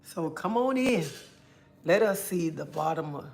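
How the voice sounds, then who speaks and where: A woman hosts a relaxed livestream, calling out viewers by name and chatting easily. She sounds a little under the weather and talks into a phone or webcam mic. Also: on the low side, vocal fry. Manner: greets chat viewers by name, drawn-out friendly talk. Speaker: livestream host. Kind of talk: casual livestream chat.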